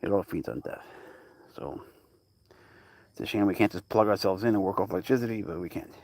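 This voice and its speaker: A man's voice: low voice, fairly quick, a little mellow, no echo. A man hosting a casual livestream about his pet cat, chatting to viewers with rambling asides and cooing at the cat. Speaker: cat owner and channel host.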